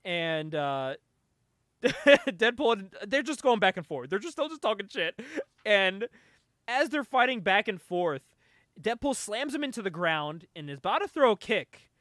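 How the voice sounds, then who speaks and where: A young man co-hosting a casual comic review chat, giggling as he retells scenes in an animated way. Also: sits high, a little slow, dry recording, studio quality. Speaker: podcast co-host.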